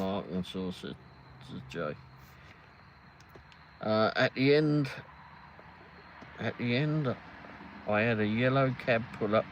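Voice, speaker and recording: Fairly low in pitch with a fairly bright tone, this Englishman in his fifties comes through on poor audio with slight hiss or hum. Hosting a relaxed live stream, he rambles, reads chat aloud and often laughs.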